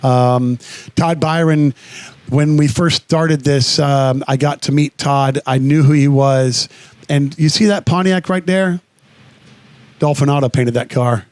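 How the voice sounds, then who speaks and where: Earnest man with a fairly high voice. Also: fairly even intonation, unhurried, darkish tone, dry recording. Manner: earnest, rambling, with frequent restarts and blunt swearing. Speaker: radio show co-host. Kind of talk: casual radio chat. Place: Florida radio studio.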